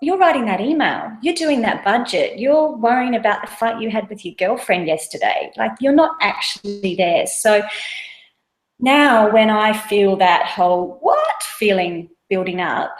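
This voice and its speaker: A woman's voice: medium pitch, expressive, measured pace. A woman, a mother in her thirties, earnestly explaining mindfulness in a casual webinar talk, using everyday examples. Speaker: mindfulness course guest. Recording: roomy echo.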